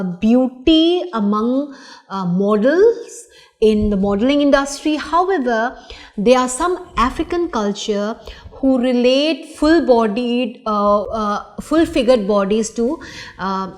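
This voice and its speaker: A middle-aged woman giving a recorded lecture, slow and deliberate, with many fillers and restarts. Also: fairly high pitch, a little mellow.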